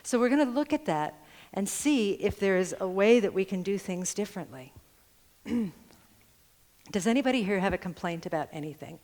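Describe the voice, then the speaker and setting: A woman's voice: mid-range voice, lively intonation, moderate pace, a little mellow. A woman minister giving a chatty, humorous sermon to a congregation, laughing often between lines. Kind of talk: conversational sermon. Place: spiritual center sanctuary before a congregation. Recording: long hall reverb in a large room.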